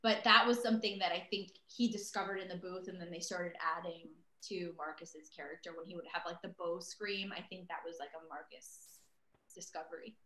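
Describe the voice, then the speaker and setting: A woman's voice: on the low side, steady tone, brisk, bright, forceful tone. A woman in her thirties, a voice actress guest, chatting casually over a video call with lots of fillers and self-deprecating asides. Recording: roomy echo.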